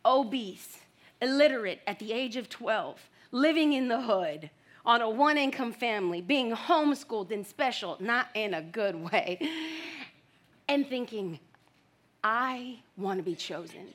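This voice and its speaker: A young adult woman from the United States preaching a sermon, telling animated stories with bursts of loud excited shouting. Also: fairly high pitch, a little slow.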